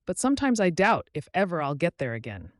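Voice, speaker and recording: A man's voice: a little high, wildly swooping pitch, fairly quick, dry recording, clean studio sound, voice pushed up. A man voicing an anxious, distrustful female duck far from home, fretful and tearful.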